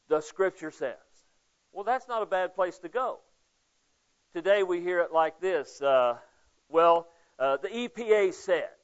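A man preaching a casual, conversational Bible study sermon, asking listeners questions by name. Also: sits high. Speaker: pastor. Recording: dull lo-fi sound.

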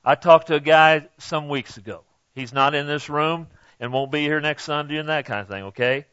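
A middle-aged male pastor preaches in a high voice, taking his time and tossing in "okay?" to keep the congregation with him. The sound is dry and close, with no room around it. The recording is dull and lo-fi. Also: moderate pace, a bit bright, clear, resonant tone, no room sound. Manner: conversational preaching, punctuated with "okay?". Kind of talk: sermon.

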